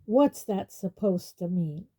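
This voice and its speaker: Brief: brash, defiant grown male wizard, as a woman reader puts him on, loud, pushy, mellow-toned. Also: medium pitch, measured pace, lightly acted. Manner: loud, aggressive.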